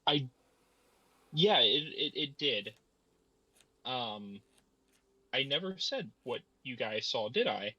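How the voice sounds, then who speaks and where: A man running a tabletop game talks slowly and hesitantly, as if thinking aloud. His voice is very bright but husky, recorded dry and close. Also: medium pitch, lively intonation, no room sound, lo-fi sound. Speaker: game master. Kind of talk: casual chat.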